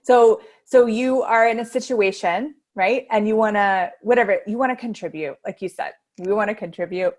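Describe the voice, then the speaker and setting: A woman's voice: mid-range voice, moderate pace, few pauses. A woman hosting an interview, affirming her guest enthusiastically and asking questions, heard over a video call. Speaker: host. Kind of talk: interview chat.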